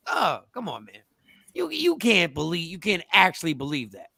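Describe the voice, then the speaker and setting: A man hosting a morning talk show, talking in an excitable, animated and emphatic way. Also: high voice, normal speed, creaky, dry recording, studio quality. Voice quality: voice he calls irritating. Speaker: radio show host.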